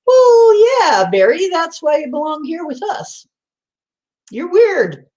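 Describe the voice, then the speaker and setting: A middle-aged woman chats casually with her viewers on a livestream. She talks slowly, her pitch rises and falls a lot, and she giggles between lines. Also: huge pitch swings, a little mellow, muffled recording. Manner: giggly, laughs often, reads comments aloud. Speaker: livestream host. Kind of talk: casual live chat with viewers.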